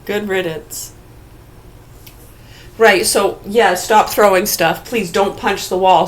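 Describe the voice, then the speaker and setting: A woman's voice: mid-range voice, fairly even intonation, takes it slowly, long pauses. Profane, blunt woman ranting. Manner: profane, blunt, rhetorical questions; argumentative, talks to absent listeners. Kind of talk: casual ranting monologue.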